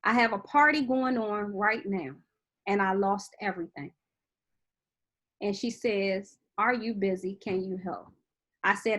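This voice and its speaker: A woman telling a team story on a video call, getting animated and quick as she goes. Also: mid-range voice. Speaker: team director, featured guest.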